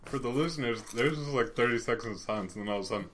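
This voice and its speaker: A man's voice: medium pitch, racing, a bit bright. A young man hosting a casual chat with friends, loose and jokey, laughing often. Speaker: podcast host. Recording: faint background noise.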